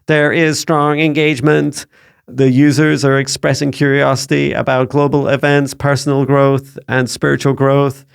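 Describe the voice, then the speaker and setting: A stiff, machine-like AI assistant , voiced by a Scottish man reads out a report in an even, announcer-like cadence. The voice sits noticeably higher than a natural speaking voice. A gravelly edge still shows through. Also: moderate pace, close to an everyday voice. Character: AI assistant reading summaries, male machine voice.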